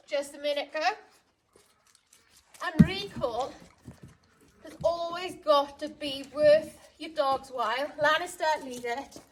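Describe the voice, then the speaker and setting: A woman's voice: high-pitched, a little hiss or hum. A woman dog trainer explaining recall step by step, stopping now and then to call and praise her dogs. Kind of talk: outdoor training demonstration.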